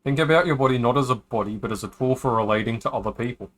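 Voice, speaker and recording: A man's voice: medium pitch, racing, fairly bright tone. A man streaming a game who reads its dialogue aloud in a casual way, breaking off for joking asides. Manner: casual, joking asides between read lines. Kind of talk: reading visual novel dialogue aloud on a stream.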